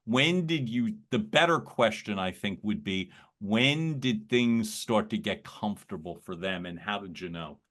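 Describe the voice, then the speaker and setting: A man's voice: on the low side, expressive, a little slow, hardly any pauses, a bit bright. An American man hosting an interview, asking long questions that he rewords as he goes. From United States. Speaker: podcast host. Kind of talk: conversational interview.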